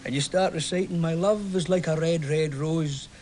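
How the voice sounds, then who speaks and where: An actor with a Glaswegian Scottish accent playing a chatty, romantic football fan who tells a story with lively swings into hushed tones. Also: male voice, on the high side, normal speed, slight background noise, close to an everyday voice. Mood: warm storytelling. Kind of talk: stage play acting.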